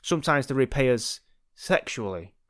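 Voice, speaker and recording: A man voicing a cheeky, pushy little male fairy in a told joke, his voice raised higher. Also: expressive, moderate pace, a bit bright, lightly acted. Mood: insistent. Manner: chirpy, pushy, insistent. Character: cheeky small male fairy granting wishes.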